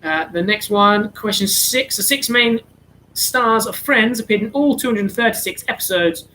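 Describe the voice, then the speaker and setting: A man's voice: high-pitched, moderate pace, bright, forceful tone, a little hiss or hum, low-quality recording. A man hosting an online charity quiz, reading out answers in a chatty, slightly flustered way. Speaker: quiz host.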